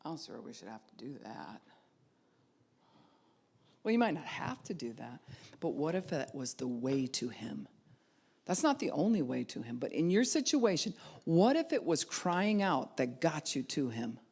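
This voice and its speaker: A woman pastor preaching a sermon, acting out quoted voices and dropping to a soft hush at times. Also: sits low, sing-song, normal speed, breathy edge.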